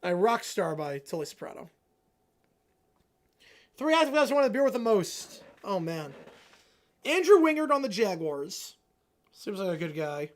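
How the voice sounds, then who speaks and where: Stream host, male, casual reaction chatter, very animated pitch, jumps from shouting rants to mumbled asides. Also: measured pace, pauses often. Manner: excitable, answers chat questions, swings from loud rants to low mumbles. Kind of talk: casual live reaction chat.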